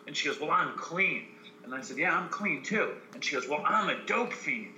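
Brief: male co-host, profane raconteur, bright tone, roomy echo. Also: on the high side, normal speed, a little hiss or hum. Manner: profane, storytelling, animated. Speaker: podcast co-host. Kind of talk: casual chat.

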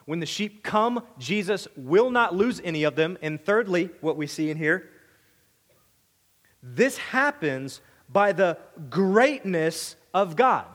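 A man's voice: high-pitched, expressive, slow, a bit bright, in a large hall. A man preaching a sermon as pastor, talking in an emphatic, conversational way and often repeating words as he goes.

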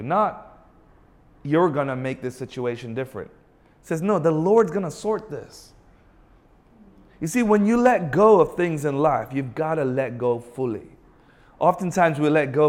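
Guy preaching a sermon, slightly high voice, keeps asking the crowd questions, slows way down on the big lines. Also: darkish tone. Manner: emphatic, asks the audience rhetorical questions; varies pace, drawing out key phrases slowly. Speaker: pastor.

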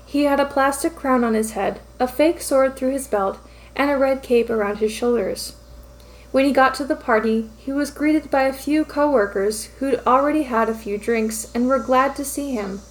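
A woman reads fan fiction aloud as narrator. She speaks in a fairly high voice with an even, steady storytelling delivery. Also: moderate pace.

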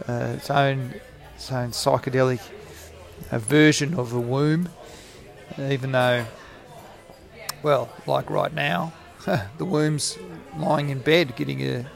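A man in his forties talks through a solo podcast from a cafe, his middling-pitched voice carrying a gravelly, creaky edge. As podcast host he rambles, jokes and pokes fun at himself.

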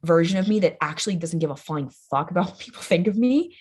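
A young woman talking as a podcast guest in a casual conversation. She is loud, playful and blunt, fills her talk with "like" and swears freely. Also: lowish voice, lively intonation, quick pace, slightly rough. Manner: chatty, says "like" constantly, swears freely.

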